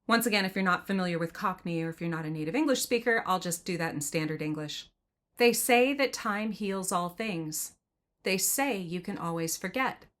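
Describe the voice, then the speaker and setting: A woman's voice: on the low side, moderate pace, a bit bright. A woman podcast host reading passages from a novel aloud and commenting on them in a thoughtful, conversational way.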